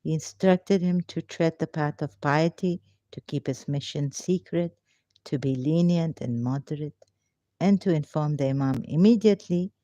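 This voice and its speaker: A woman's voice: low-pitched, moderate pace, dark tone, dry recording. A woman reading a religious text aloud and breaking off with emotional, pleading rhetorical questions. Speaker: ex-Muslim commentator. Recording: dull, lo-fi, dry sound.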